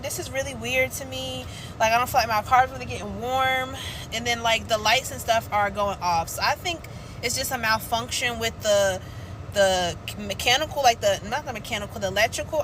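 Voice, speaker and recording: A woman's voice: fairly high pitch, a little fast, bright, forceful tone, slight background noise, poor audio. Frustrated woman vlogging from a stuck car. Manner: frustrated, rambling. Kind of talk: casual vlog. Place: in a car outdoors.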